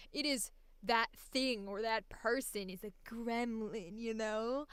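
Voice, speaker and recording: Bright, crisp-voiced woman voice actor. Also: fairly high pitch, a little slow, no echo. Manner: animated, chatty, laughs often. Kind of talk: casual chat about voice acting.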